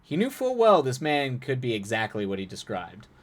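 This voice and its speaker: A young man reads a viewer's story aloud on a live stream. He narrates, then drops into loose, chatty commentary full of restarts. His voice sits at an average pitch for a man. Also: huge pitch swings, moderate pace. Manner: chatty, frequent restarts and laughs between passages.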